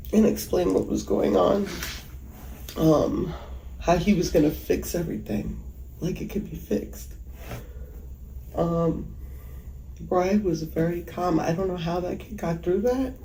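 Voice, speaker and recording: A woman giving emotional interview testimony as a mother, halting and hesitant with many pauses. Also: fairly low pitch, animated, creaky, dark tone. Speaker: mother recounting a killing. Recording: echoey room with faint background noise.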